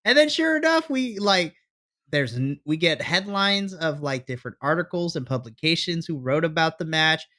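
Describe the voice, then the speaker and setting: A man's voice: fairly high pitch, expressive, normal speed, bright, forceful tone. A man co-hosting a podcast, chatting casually and animatedly about a wrestling show, acting out his own reactions. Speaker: podcast co-host. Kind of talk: casual wrestling review chat.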